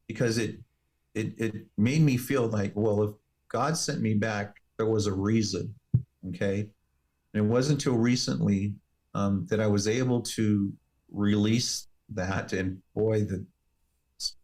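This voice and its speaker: A man, a firefighter and paramedic, telling a personal story as an interview guest in an earnest, measured way. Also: on the low side, a little mellow.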